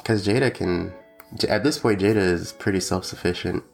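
A man talking casually with his partner, halting and hedging, laughing often. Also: low-pitched, gravelly, faint music behind. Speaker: co-host, father. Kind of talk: casual conversation.

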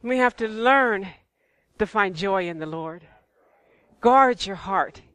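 A woman's voice: mid-range voice, lively intonation, slow pace, a bit bright, no echo. A woman preaching in church, conversational and repetitive, with rhetorical questions. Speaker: church speaker. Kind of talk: sermon.

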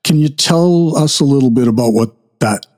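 A male host asking a guest thoughtful, measured questions. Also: medium pitch, darkish tone. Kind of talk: interview questions.

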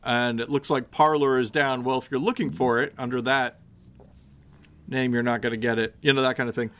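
A man's voice: mid-range voice, fairly even intonation, fairly quick, a bit bright, slight background noise. A man co-hosting a podcast in casual chat, rambling and hesitant with many fillers. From American Midwest. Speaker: podcast co-host.

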